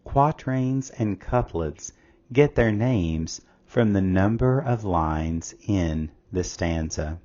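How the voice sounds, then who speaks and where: A man reading a scripted test-prep lesson as a tutor, reading questions and answer options aloud in a measured way. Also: deep voice, animated, mellow, dull audio.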